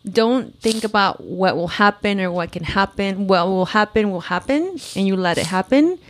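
A woman's voice: medium pitch, expressive, moderate pace, a little hiss or hum. Woman podcast co-host, mid-range voice, direct and comforting, booth recording. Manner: reassuring, upbeat and direct. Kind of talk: casual chat.

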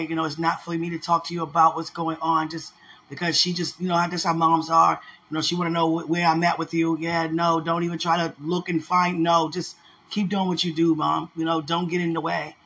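A woman's voice: sits low, little pitch movement, a little fast, a bit bright, a little hiss or hum. A woman in an emotional casual talk to her partner, effusive and prayerful, repeating her words.

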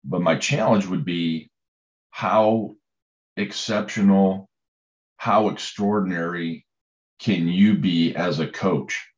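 A man's voice: low voice, slow pace, pauses often, dull audio. A man, a coach, telling stories in a conversation, rambling with many fillers and restarts. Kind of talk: storytelling in conversation.

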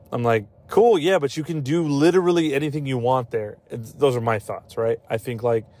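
A podcast host chats casually in a mid-range, slightly mellow voice. He rambles, swears, and laughs often at his own jokes.

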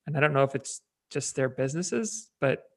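A man's voice: medium pitch, animated, moderate pace. A man, a fitness trainer, co-hosting a podcast in an upbeat, rambling way and laughing often. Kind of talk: casual chat.

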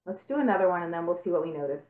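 A woman coach talks listeners through a grounding and breathing exercise in a calm, step-by-step way. Her voice comes through thin and phone-like, with an echo from the room around her. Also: lowish voice, rapid-fire. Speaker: stress coach. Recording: tinny call audio in an echoey room.

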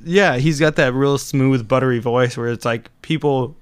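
A man co-hosting a podcast in casual chat, rambling and animated, often trailing off. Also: medium pitch, moderate pace, smooth. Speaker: podcast co-host.

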